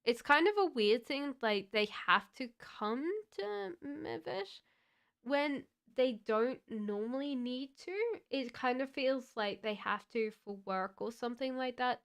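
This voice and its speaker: Woman tarot reader on a live stream, gentle and halting, unhurried delivery, very clean clear voice. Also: a little high. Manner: gentle, halting, many fillers. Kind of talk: live-streamed card reading.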